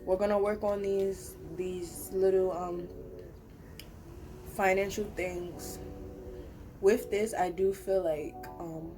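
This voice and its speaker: A woman's voice: mid-range voice, fairly even intonation, slow pace, pauses often, over music. A young woman giving a casual, rambling pick-a-card tarot reading to camera, talking earnestly and reassuringly. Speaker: tarot reader.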